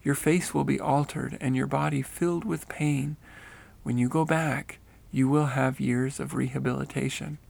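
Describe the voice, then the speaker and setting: A man reading the lines of a grandmother's spirit in a spoken story, speaking quietly and firmly. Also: mid-range voice, steady tone, normal speed, creaky. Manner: quiet and firm. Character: gentle grandmother spirit, firm and calm.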